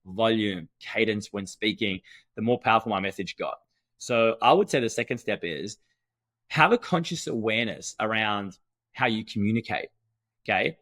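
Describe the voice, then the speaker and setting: Man, podcast co-host, bright voice, dry sound, emphatic and energetic. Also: lowish voice, no echo. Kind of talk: conversational podcast talk.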